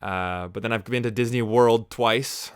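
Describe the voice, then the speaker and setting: A man's voice: mid-range voice, fairly even intonation, a little slow, clear, resonant tone, no room sound, studio quality. A young man hosting a casual movie watch-along, chatty and sarcastic, with a taste for juvenile jokes. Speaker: movie review host.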